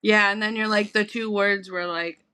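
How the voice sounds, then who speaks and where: A woman's voice: medium pitch, fairly even intonation, moderate pace, pushed and bright, smooth. A woman co-hosting a casual podcast, frank and candid, swearing casually and laughing easily. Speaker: podcast co-host. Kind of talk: casual conversational podcast chat.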